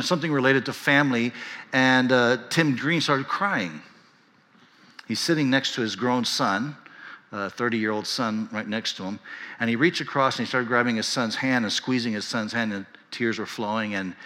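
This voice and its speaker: A man's voice: mid-range voice, bright, forceful tone, in a large hall. A pastor in his fifties preaching a sermon, telling a story earnestly and building to impassioned emphasis. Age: 50s.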